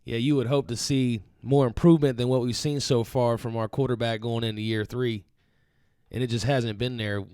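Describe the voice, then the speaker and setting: A man co-hosting a live fan show, speaking in a measured, calm way and thanking viewers. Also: medium pitch, clear, resonant tone, no echo, studio quality. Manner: measured and calm, reads audience shoutouts. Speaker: co-host and producer.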